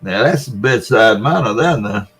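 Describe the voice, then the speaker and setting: Here's a man in his 70s from the Mississippi Delta, USA, a vlogger casually telling a long story with laughs between lines. His Southern Delta accent rides a lowish voice with lively intonation, a fairly bright tone, and normal speed.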